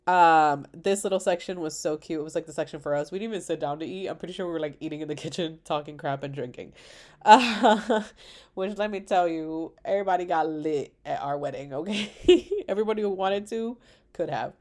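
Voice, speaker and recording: Young woman, vlogger, casual chat, animated, laughs often, computer mic. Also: low voice, brisk. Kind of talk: casual chat over wedding photos. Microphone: computer microphone.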